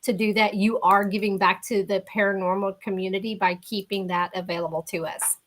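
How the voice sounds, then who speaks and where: A woman hosting a casual chat, supportive and quick to laugh. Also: medium pitch, flat delivery.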